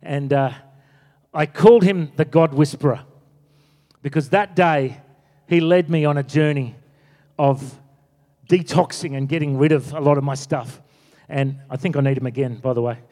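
Preacher in an echoey hall. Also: male voice, a little high, normal speed, long pauses. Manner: animated storytelling, acting out quotes. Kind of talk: sermon. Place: church.

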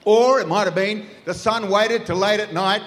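A preacher with a high-pitched voice delivers a sermon, telling the story in a lively way and acting out its scenes. His voice carries through a long, echoing hall. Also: normal speed. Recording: echoey hall.

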